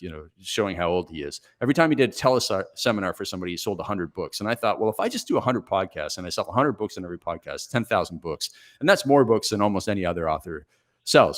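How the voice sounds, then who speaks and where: Forties male podcast guest, low-voiced, energetic storyteller. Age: 40s. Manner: energetic, brisk and self-reflective. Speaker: podcast guest, business coach.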